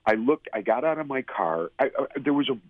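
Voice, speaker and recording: A man's voice: medium pitch, expressive, fairly quick, no echo. A man earnestly and emotionally telling his personal story as a guest. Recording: tinny phone-like sound.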